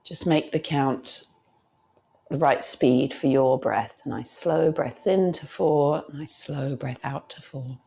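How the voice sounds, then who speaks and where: A woman teacher guiding a yoga class, talking gently and soothingly and counting breaths aloud. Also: extremely low pitch, slow, gravelly. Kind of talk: guided yoga class instruction.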